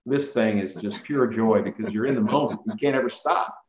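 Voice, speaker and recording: A man's voice: fairly low pitch, a little fast. Storytelling man in his sixties, roomy sound. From central Indiana. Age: 60s. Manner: animated anecdotes, acts out quoted voices. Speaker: podcast guest. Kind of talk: casual storytelling interview. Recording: roomy, slightly muffled sound.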